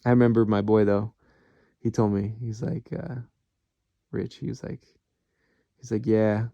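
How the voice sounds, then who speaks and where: Gravelly, dark-voiced man rambling candidly. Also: fairly low pitch, little pitch movement, a little slow, no echo, lo-fi sound. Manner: candid, rambling, swears freely. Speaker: vlogger. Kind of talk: rambling personal monologue.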